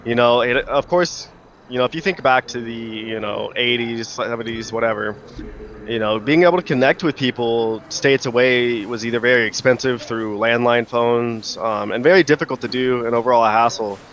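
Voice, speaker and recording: This is a young man hosting a relaxed podcast conversation. He rambles and circles back on himself as he works toward his questions. His pitch sits in the middle of the male range. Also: moderate pace, lo-fi sound. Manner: rambling, many fillers and restarts. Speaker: podcast host. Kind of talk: casual podcast chat.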